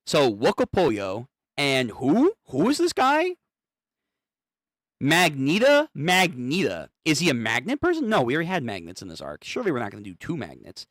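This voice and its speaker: A man's voice: medium pitch, huge pitch swings, a little fast, few pauses, fairly bright tone, no room sound, studio quality. A young man hosting a comic read-through, reacting with hyped, slangy chatter and casual swearing.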